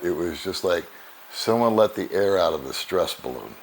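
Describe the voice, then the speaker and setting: An older man with a deep, low voice tells a story straight to the camera. He rambles along in a relaxed, unhurried way, chuckling as he goes. A faint background hiss sits under his voice. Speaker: vlogger.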